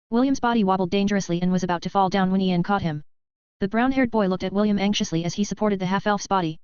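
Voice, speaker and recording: A woman reading a web novel as an audiobook in a quick, even narration with barely changed character voices. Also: medium pitch, smooth, no room sound. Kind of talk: scripted narration. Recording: slightly dull, dry sound.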